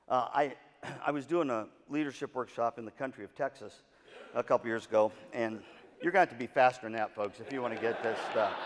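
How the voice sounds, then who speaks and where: A man giving a motivational talk to music directors, telling a story and acting out the voices in it, with jokes to the audience. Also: mid-range voice. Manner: animated storyteller, acts out quotes, jokes with audience. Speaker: keynote speaker at music educators' session. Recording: long hall reverb.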